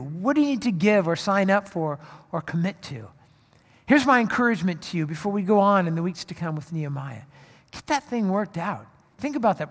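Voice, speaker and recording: A man's voice: high-pitched, long reverb tail. A man preaching a sermon as pastor, earnest and building to emphatic proclamation.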